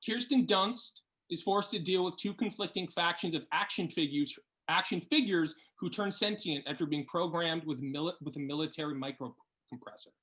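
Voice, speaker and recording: Excitable laughing quiz host. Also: medium pitch, normal speed, few pauses. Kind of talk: playful quiz hosting.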